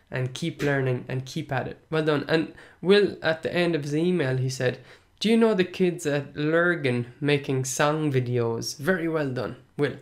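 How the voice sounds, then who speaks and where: Patient podcast host explaining. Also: mid-range voice. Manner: patient explaining, checks in with "right?". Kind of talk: answering listener questions on a podcast.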